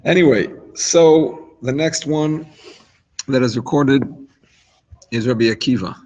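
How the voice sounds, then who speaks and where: A man's voice: mid-range voice, a little slow, darkish tone, dull audio. A man giving an informal Torah lesson, talking it through conversationally with asides and restarts. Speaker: rabbi teaching a class.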